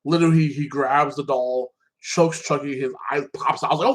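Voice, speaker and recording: A man's voice: fairly high pitch, steady tone, fast talker, hardly any pauses, poor audio. A man giving a casual, rambling recap of a TV season, swearing freely and tagging phrases with "like that". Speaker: show reviewer.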